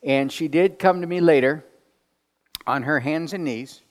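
A man delivering a sermon as pastor, telling stories with lively put-on voices and dropping to quiet asides. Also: a little high, measured pace. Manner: animated storytelling, drops to quiet asides. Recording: long reverb of a large hall.

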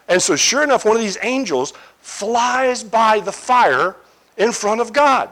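A man preaching a sermon, retelling a scripture scene as an animated story with imaginative asides to his listeners. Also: high-pitched, moderate pace.

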